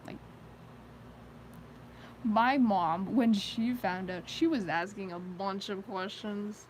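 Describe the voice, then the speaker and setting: A woman's voice: medium pitch, slow pace, a little hiss or hum, low-quality recording. A teenage girl chatting casually on a live stream, rambling with many fillers and frequent giggles. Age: teens. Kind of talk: casual chat.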